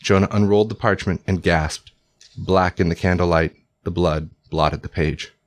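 A male narrator reading a historical tale aloud. His voice is low and deep, and his delivery is measured and formal. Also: fairly even intonation. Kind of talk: audiobook narration.

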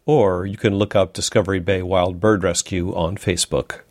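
Guy reading community radio news, lowish voice, super dry sound. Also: fairly even intonation, dry recording. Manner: measured, reads slowly and carefully. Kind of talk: scripted news narration.

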